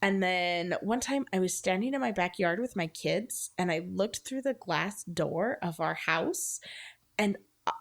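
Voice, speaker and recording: A woman in her thirties, a podcast co-host, telling a personal ghost story in casual chat, animated and full of filler words. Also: on the low side, vocal fry.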